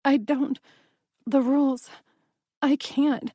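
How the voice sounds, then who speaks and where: A woman voicing a timid, submissive young woman who speaks softly and haltingly, pleading, in an audiobook. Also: medium pitch, husky, no room sound, studio quality. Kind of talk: audiobook dialogue reading.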